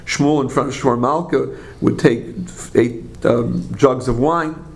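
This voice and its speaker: A man teaching a religious class, an animated storyteller who asks rhetorical questions, makes asides to his listeners, and often corrects himself mid-phrase. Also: medium pitch, slow. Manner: frequent self-corrections and trailing phrases. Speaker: Torah teacher.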